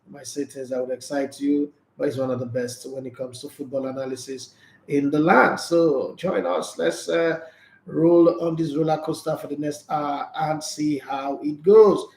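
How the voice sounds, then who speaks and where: A man's voice: on the high side, moderate pace, gravelly, echoey room. Chatty man hosting sports radio. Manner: chatty, joking, animated. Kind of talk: casual sports talk show.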